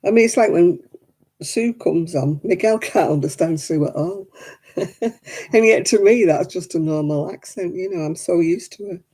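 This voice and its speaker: A woman from Oldham with a softened northern English accent, chatting casually on her crafting video and laughing often. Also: fairly low pitch, normal speed, breathy edge. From Oldham, England. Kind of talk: casual chat.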